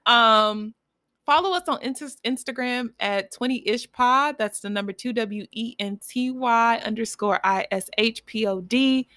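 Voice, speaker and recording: A woman's voice: fairly high pitch, measured pace, no room sound, studio quality. A young woman in her twenties hosting her own podcast, talking casually and encouragingly to her listeners with plenty of fillers. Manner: warm, encouraging, chatty with fillers. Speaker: podcast host. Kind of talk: casual solo podcast talk.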